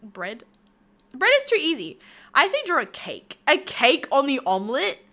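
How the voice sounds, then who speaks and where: A woman's voice: high voice, sing-song, moderate pace, fairly bright tone. A young woman VTuber chatting playfully with her stream chat while she draws. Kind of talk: casual live-stream chat.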